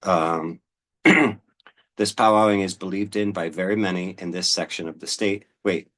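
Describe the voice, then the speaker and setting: Man, very low voice, relaxed rambling talk, Pennsylvania accent, host reading an old newspaper aloud. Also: unhurried. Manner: relaxed, rambling, with many "um"s and restarts.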